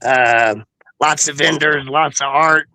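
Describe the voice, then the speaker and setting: Bright-voiced halting man. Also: a little high, steady tone, no echo, low-quality recording. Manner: halting, many uhs. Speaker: wrestling promoter. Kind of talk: casual chat.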